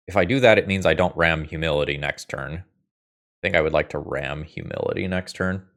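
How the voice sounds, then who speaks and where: Low male voice, casual gameplay commentator, wry and muttering, thinks out loud. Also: a little fast. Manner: wry, thinks aloud, swears when frustrated. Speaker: gaming video host.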